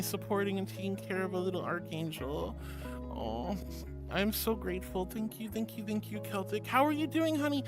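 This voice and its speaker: A playful woman streamer chats casually with her viewers and reads their messages aloud. She thanks them with sweet pet names, her voice sitting at an ordinary middle pitch. Steady music plays behind her. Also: moderate pace. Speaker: VTuber streamer. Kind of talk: casual live-stream chat, reading chat aloud.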